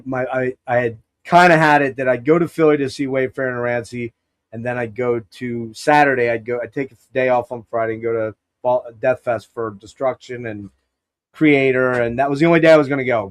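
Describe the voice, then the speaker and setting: A man's voice: medium pitch, steady tone, moderate pace. Pennsylvania guy hosting a podcast, rambles through a long story, lots of restarts and quoting himself. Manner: long-winded storyteller, many restarts and quoted asides. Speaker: podcast host. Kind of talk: casual rambling chat.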